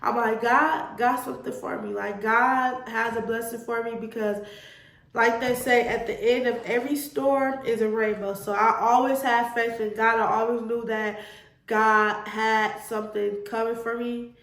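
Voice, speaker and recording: A young woman tells her own story straight to camera, earnest and emotional, calling her viewers y'all. Her voice sits fairly high. The room around her sounds echoey. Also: steady tone, a little slow, fairly bright tone. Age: 20s. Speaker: vlogger.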